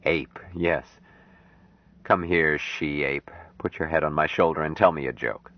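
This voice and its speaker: A man voicing a calm, wondering outsider man. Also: a bass voice, measured pace, voice pushed down. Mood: earnest. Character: grown man raised apart from humans, calm and wondering. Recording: dry, dull lo-fi audiobook recording.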